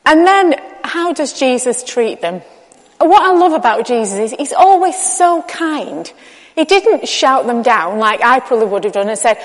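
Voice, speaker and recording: A woman's voice: high voice, expressive, moderate pace. A woman giving a candid, conversational sermon and acting out bits of dialogue. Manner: candid, chatty, acts out dialogue. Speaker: preacher. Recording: long reverb of a large hall.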